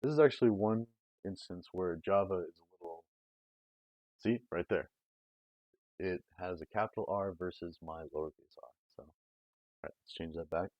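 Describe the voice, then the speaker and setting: A man's voice: deep voice, moderate pace, pauses often, dry recording. A man streaming a programming lesson, thinking aloud in a rambling, casual way with many fillers. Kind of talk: casual live-coding walkthrough. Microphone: desk mic, close. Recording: dull, dry close-mic sound.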